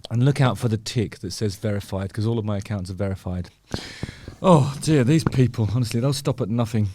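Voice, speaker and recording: A man's voice: on the low side, quick pace, warm tone. A man with an English accent hosting a casual, chatty commentary on a song, full of wry joking asides. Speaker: music video host.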